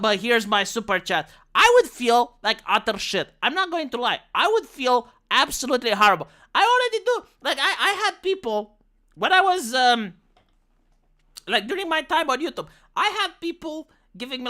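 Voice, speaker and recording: Bright, animated woman ranting on stream. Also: mid-range voice. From Romania. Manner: blunt, sweary ranting with many restarts. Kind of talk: casual live-stream commentary.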